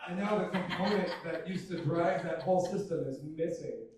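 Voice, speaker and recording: A young man doing a stand-up comedy set, self-deprecating and deadpan, with loose fillers and swearing. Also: sits high, normal speed, a crowd in the background. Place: comedy club stage with audience laughter. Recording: very echoey room, from some distance. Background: audience laughter.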